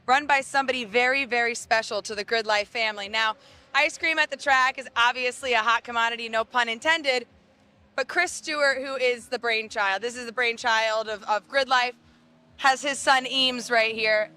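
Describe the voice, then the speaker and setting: A woman's voice: fairly high pitch, steady tone, moderate pace, pushed and bright, clear, resonant tone. A woman reporting live from a race track paddock, upbeat and playful. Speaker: pit reporter. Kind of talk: casual live event segment.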